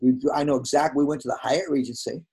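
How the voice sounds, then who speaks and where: Husky-voiced older man telling stories. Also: medium pitch, fast talker. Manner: animated, acts out quoted dialogue. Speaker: guest, veteran hairdresser. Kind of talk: casual storytelling in conversation.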